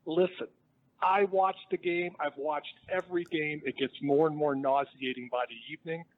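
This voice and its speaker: A man's voice: a little high, steady tone, moderate pace. A man calling in to a sports talk show over the phone, blunt and exasperated as he fires off complaints. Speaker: caller. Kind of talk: call-in comment to a sports show. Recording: tinny phone line.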